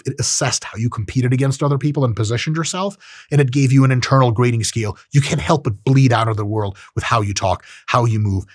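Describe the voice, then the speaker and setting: A podcast host delivers a blunt, profane, casual monologue about self-improvement, slipping into short character voices. His mid-range voice has a breathy edge, recorded cleanly in a studio with no echo.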